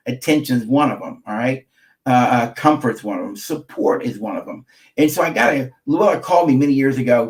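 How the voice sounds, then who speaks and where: Speaking to camera at a medium pitch, a middle-aged marriage therapist delivers an emphatic teaching talk. He repeats key phrases and checks in with his listeners.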